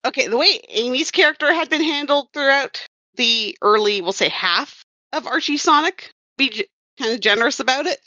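A woman's voice: high-pitched, bright, forceful tone, no room sound, muffled recording. A woman who worked as a comics writer and colorist, chatting casually on a podcast and rambling with wry self-corrections.

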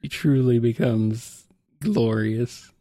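A man's voice: medium pitch, slow, dark tone, no echo, clean studio sound. A man co-hosting a casual podcast, reading listener questions aloud and giggling often.

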